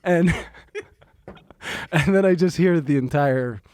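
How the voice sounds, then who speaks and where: A man's voice: on the high side, slow, long pauses, a little mellow, no echo. A man co-hosting a podcast, telling a story in a chatty, casual way and swearing freely. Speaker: podcast co-host. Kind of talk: casual chat.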